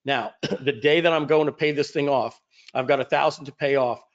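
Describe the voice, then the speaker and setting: Speaking as an event speaker and host, a man recounts a personal story to his audience, animatedly acting out the dialogue along the way. His voice is fairly high and moderately paced, captured in dull lo-fi audio.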